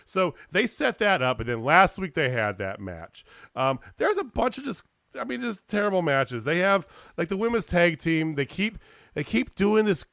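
A man in casual chat about wrestling, ranting in an animated way and swearing freely. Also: sits high, normal speed, creaky, no room sound, clean studio sound. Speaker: podcast co-host.

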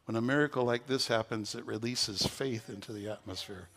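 Gravelly-voiced man preaching a sermon. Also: mid-range voice, fairly quick. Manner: storytelling, growing loud and excited at the climax. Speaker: pastor.

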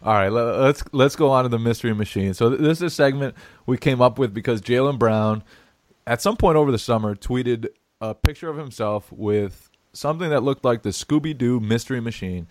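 A man's voice: medium pitch, fairly quick, no echo. Laughing man hosting a sports podcast. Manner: laughing, stumbling restarts. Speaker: podcast host. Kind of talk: casual sports podcast chat.

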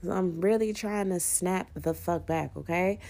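A young woman talks straight to her viewers in a loose, profane vlog ramble. Her voice sits low and has a heavy gravelly fry, and she sounds hungover. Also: moderate pace, mellow. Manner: profane, chatty, laughing often. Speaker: vlogger. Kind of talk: casual vlog chat.

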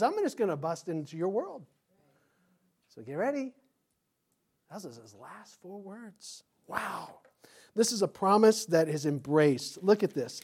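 Middle-aged male pastor, animated sermon delivery, acts out voices, chuckles. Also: high voice.

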